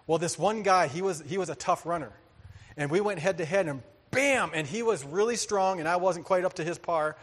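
A man preaching a sermon, telling a story with lively energy, acting out voices and laughing often. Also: high-pitched, fairly quick. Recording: hall reverb.

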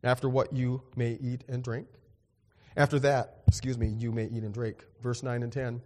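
A man preaching a sermon in an animated, joking way, acting out little dialogues with big swings in his voice. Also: mid-range voice, normal speed, long reverb tail. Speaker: pastor.

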